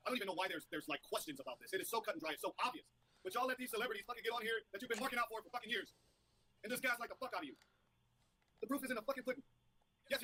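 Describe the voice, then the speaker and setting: A man's voice: sits high, bright, forceful tone, slightly rough, rough recording. A man defending himself in a heated interview, ranting angrily and swearing constantly. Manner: angry, profane, rapid-fire ranting.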